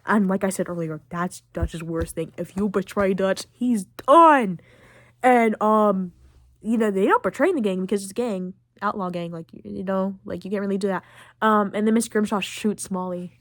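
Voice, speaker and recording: A woman's voice: mid-range voice, normal speed, no echo. Chatty teen girl, dry close sound. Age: late teens. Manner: chatty, filler-heavy, excitable. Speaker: podcast host. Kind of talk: casual chat recapping a video game.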